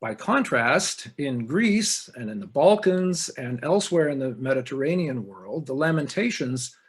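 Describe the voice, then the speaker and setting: A middle-aged man giving a measured webinar lecture on church music, explaining carefully with frequent hesitations over a computer microphone. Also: mid-range voice, big pitch swings, husky.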